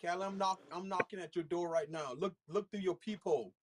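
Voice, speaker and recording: A man's voice: sits high, fairly even intonation, fairly quick, no room sound. A man bantering on a podcast, teasing and joking with repeated phrases. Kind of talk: casual banter.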